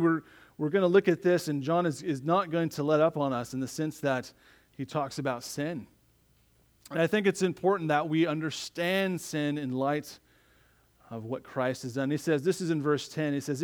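A man's voice: on the high side, normal speed. A man preaching a sermon as a pastor, talking conversationally and often checking in with the listeners. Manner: conversational, frequent tag questions.

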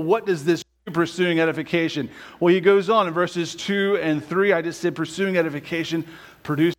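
A man preaching a conversational sermon as pastor, often checking in with rhetorical questions and slowing down to quote scripture. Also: high-pitched. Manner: quotes scripture slowly and deliberately.

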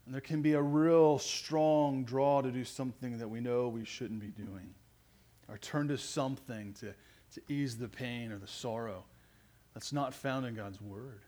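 A man's voice: medium pitch, fairly even intonation, normal speed, darkish tone. A man preaching a sermon as pastor, earnest and growing emphatic as he speaks.

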